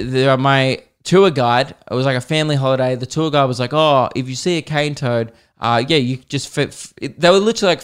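A man's voice: mid-range voice, clean tone. A man with an Australian accent hosting a comedy show, telling rambling, profane stories and often cutting himself off mid-sentence. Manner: self-interrupting, excitable. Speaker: comedian host. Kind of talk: casual comedic monologue.

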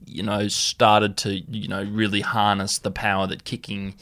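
A blunt man co-hosting a rugby podcast, swearing freely and filling his talk with "you know". His voice sits fairly low, and the recording is close and dry with no room sound. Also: completely flat delivery, moderate pace, fairly bright tone, dry recording. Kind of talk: casual sports chat.

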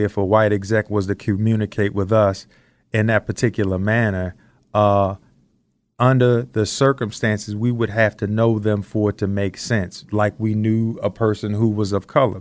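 A man co-hosting a podcast, talking in an earnest, reflective way as he slowly builds his points. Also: fairly low pitch, no room sound. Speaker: podcast co-host. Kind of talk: casual discussion.

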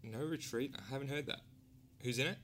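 A male podcast host running a casual interview with friendly, playful rapid-fire questions. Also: medium pitch, a bit bright, a little hiss or hum.

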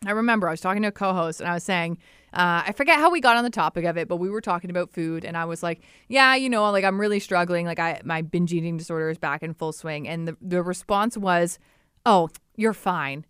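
A woman's voice: fairly low pitch, fast talker, smooth, no echo, studio quality. A young adult woman co-hosting a podcast, talking openly and animatedly in casual chat. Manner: candid, animated, quotes people in playful voices. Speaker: podcast co-host.

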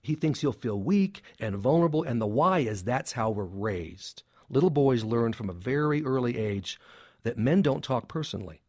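A man's voice: medium pitch, expressive, normal speed, a little mellow, no room sound. Emphatic male psychologist, dry sound. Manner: emphatic, punchy short sentences with humor. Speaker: clinical psychologist, guest. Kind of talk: interview conversation.

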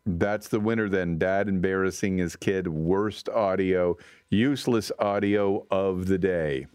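A man's voice: low voice, steady tone, unhurried, a little mellow. A man hosting a radio talk show, making dry, sarcastic remarks about news clips in a casual way. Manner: dry, sarcastic, dismissive asides.

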